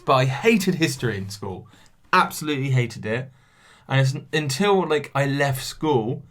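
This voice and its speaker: A young man hosting a casual solo podcast, reading quiz questions aloud, stumbling over names and mocking himself. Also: medium pitch. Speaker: podcast host.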